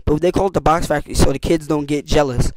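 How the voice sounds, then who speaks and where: A teenage boy telling camp stories in a casual vlog, slangy and animated, acting out what people said with big jumps in his voice. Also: a little high, fast talker, no room sound. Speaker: youtuber.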